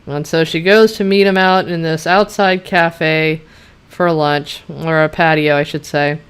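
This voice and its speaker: A woman with a lowish, smooth and clear voice rants through a TV recap. Her tone is blunt and sarcastic, with freely dropped swear words. Chatty "you know" and "like" asides run all through her talk. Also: fairly even intonation, a little slow. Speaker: TV show reviewer. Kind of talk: casual rant recapping an episode.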